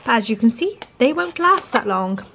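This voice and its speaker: A woman in her thirties chats casually to the camera, walking viewers through her day in her kitchen. Her voice sits high and bright. She speaks warmly and easily, like a relaxed home vlog. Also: normal speed, gravelly, a little hiss or hum. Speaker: vlogger. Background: household appliances humming.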